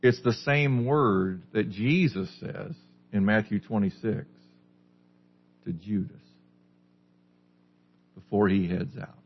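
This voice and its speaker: With a low, raspy voice, a male pastor asks his listeners questions during a sermon and goes on to answer them. He takes his time, leaving long pauses. The recording quality is flat and lo-fi.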